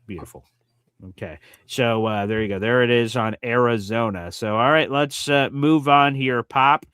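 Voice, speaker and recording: A man co-hosting a casual sports podcast, his voice at an ordinary middle pitch and recorded close and dry with no room sound. He talks conversationally, hesitates often and restarts his sentences. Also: normal speed, a bit bright, clear, resonant tone, dry recording. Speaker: co-host.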